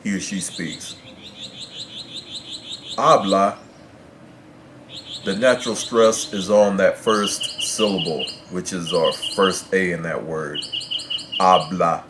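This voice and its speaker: Man explaining Spanish stress rules, very low voice, birds chirping behind, noisy recording. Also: steady tone. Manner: measured, repeats and rephrases explanations. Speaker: Spanish teacher. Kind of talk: explanatory language lesson. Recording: clear background noise with birdsong.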